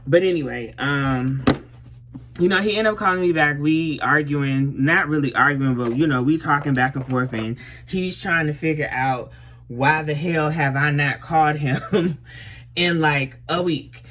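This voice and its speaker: Young woman vlogger, punchy and crisp in tone, swears freely, animated storyteller. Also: low-pitched, unhurried. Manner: blunt, profane, animated storytelling. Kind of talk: casual storytime while doing makeup.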